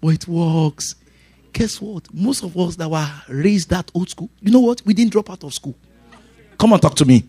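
A middle-aged man preaching a sermon in an animated way, laughing and shouting his punchlines. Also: high-pitched, moderate pace, slightly rough, dry recording. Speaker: pastor.

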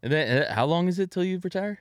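A man's voice: high-pitched, lively intonation, quick pace, no echo, clean studio sound. A man in his thirties joking about himself in casual podcast banter, stammering as he restarts his thoughts. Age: 30s. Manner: self-mocking, stammers on restarts. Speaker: podcast co-host.

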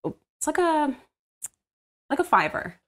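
A woman's voice: high voice, very animated, slow pace. A woman voice-over artist, recording from home, chatting animatedly about her work with frequent laughs and fillers. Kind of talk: casual interview chat.

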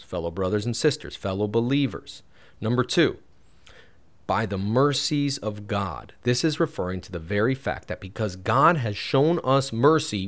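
Chatty man teaching scripture. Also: lowish voice. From United States. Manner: chatty, digresses, laughs at own jokes. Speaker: Bible teacher. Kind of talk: casual Bible study podcast. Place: home room, creaky computer chair.

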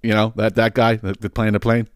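A man hosting a podcast, telling a long, profane, animated rant full of restarts. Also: fairly low pitch, fairly quick, clear, resonant tone, dry recording, clean studio sound. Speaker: podcast host. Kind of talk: ranting storytelling.

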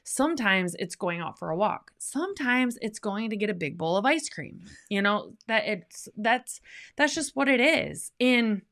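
A woman's voice: medium pitch, very animated, measured pace, fairly bright tone. A middle-aged woman co-hosting a podcast in casual chat, candid and reflective as she shares personal experience. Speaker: podcast co-host.

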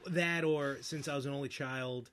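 A man's voice: medium pitch, steady tone, moderate pace, a bit bright. A man co-hosting a live podcast, teasing his partner and laughing often in casual chat. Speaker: podcast co-host.

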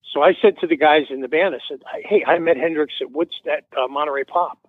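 A man's voice: on the high side, a little fast, breathy edge, no echo. Man rambling over a tinny phone line. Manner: rambling, acts out quoted dialogue. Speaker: musician guest. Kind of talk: casual anecdote in an interview.

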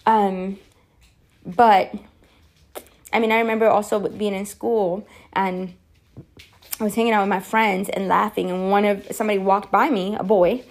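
Woman, 40s, podcast host, gravelly edge, frank storytelling with swearing. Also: medium pitch. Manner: candid, animated, swears freely. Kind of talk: personal storytelling monologue.

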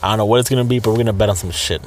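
Young male co-host, quick profane banter, faint background hiss. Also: fairly low pitch. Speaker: podcast co-host. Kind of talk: casual chat.

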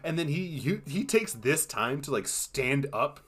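A man's voice: on the high side, very animated, measured pace, a bit bright, husky. A man co-hosting a film podcast, talking casually and with animation, swearing freely and acting out quotes in exaggerated voices. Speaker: podcast co-host. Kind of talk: casual chat.

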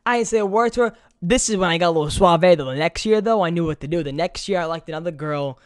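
A young man hosting a podcast, telling stories in an animated, foul-mouthed way. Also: fairly high pitch, fast, smooth, dry recording, clean studio sound. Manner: animated storytelling, swears a lot. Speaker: podcast host. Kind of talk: casual podcast chat.

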